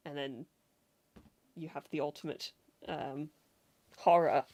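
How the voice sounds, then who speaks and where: A woman's voice: low voice, fairly even intonation, takes it slowly, dark tone, lo-fi sound. A woman co-hosting a film review show, talking in an enthusiastic, rambling way with frequent laughs, and sounding like she has a cold. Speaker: podcast co-host. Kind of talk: casual film review chat.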